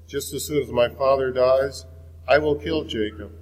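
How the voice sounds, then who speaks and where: A man reading the part of a wronged elder son, a grown hunter, in a measured way. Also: medium pitch, a little mellow, long reverb tail, lightly acted, rough recording. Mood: pleading.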